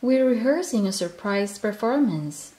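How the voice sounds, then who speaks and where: A woman's voice: a little high, animated, measured pace, dark tone. A woman voicing a fatherly male troll in a storybook reading, explaining proudly.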